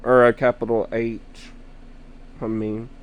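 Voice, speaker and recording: A man's voice: medium pitch, level tone. A young man rambling casually about his sister and a game partner, telling stories with chuckles along the way. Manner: slow, rambling storytelling with chuckles. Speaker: gamer vlogger.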